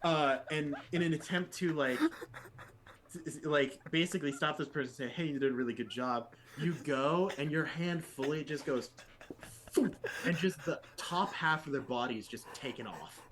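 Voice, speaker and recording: A man's voice: fairly high pitch, moderate pace, a bit bright, slight background noise. A man narrating a tabletop game as game master, with a rambling way of talking full of fillers.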